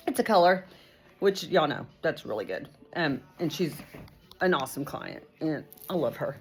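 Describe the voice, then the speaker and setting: A woman's voice: low voice, poor audio. A woman, a hairdresser chatting casually to camera in her salon, rambling with lots of fillers. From Texas. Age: 50s. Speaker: hairdresser vlogger. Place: hair salon.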